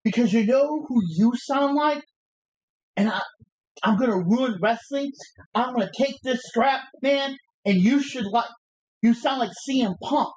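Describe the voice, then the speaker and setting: A brash male pro wrestler cutting a taunting promo, cocky and full of challenge, as a woman re-enacts him on a livestream, the words stumbling out as they are recited. The voice sits a little high for the part and drops lower to sound tough. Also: a little slow, darkish tone, lightly acted, poor audio. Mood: defiant.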